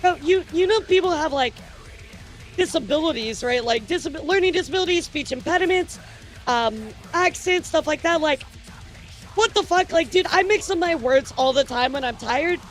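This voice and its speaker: A woman streamer chatting casually through the news with her viewers, rambling and excitable, often stammering and swearing. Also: high voice, normal speed, faint music behind.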